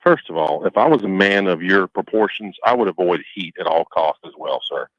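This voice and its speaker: Man, lowish lively voice, sarcastic mock-formal co-host, dull dry sound. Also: fairly quick, dry recording. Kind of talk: casual sports chat.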